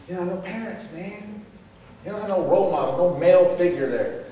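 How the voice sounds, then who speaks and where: Man, middle-aged, lively storyteller acting out voices, distant voice, very echoey room, faint hiss. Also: high voice, normal speed, lo-fi sound. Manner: animated, acts out voices in his stories. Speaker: speaker at a gang awareness session. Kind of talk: storytelling talk to an audience. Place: large echoey room with an audience.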